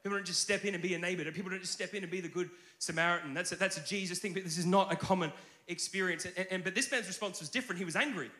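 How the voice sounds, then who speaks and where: Male pastor, sermon delivery, bright voice, chatty animated storyteller, echoey hall. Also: sits high, rapid-fire. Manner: conversational, animated storytelling with filler restarts.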